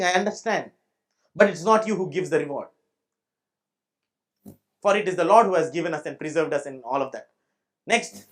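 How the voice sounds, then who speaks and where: A man's voice: a little high, lively intonation, normal speed, long pauses. A male pastor with an Indian English accent preaching a sermon in church. He speaks emphatically, repeats his points, and keeps checking that the congregation understands.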